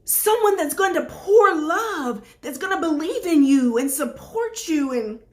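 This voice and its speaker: Slow, high-voiced emphatic woman life coach. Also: lively intonation, darkish tone. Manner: emphatic, repetitive preaching cadence. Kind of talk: motivational talk to camera.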